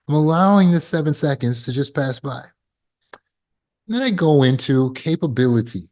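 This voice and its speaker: A man's voice: medium pitch, expressive, normal speed, darkish tone. Earnest male recovery teacher on a video call, plain mid-range voice, acts out examples. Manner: earnest, acts out scenes with bursts of alarm. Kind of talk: teaching talk with acted examples.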